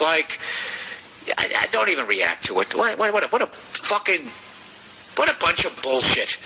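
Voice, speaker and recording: A man with a Boston accent hosting a podcast, giving comedic advice in a profane, animated rant. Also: sits high, slight background noise, poor audio. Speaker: podcast host.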